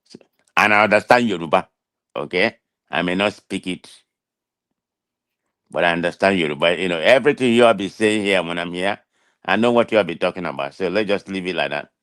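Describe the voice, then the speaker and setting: A man's voice: deep voice, fairly quick, long pauses, a bit bright, clean tone, no room sound, studio quality. A man with a thick Nigerian accent, defending himself emphatically in a casual talk show chat, often restarting his sentences. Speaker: guest.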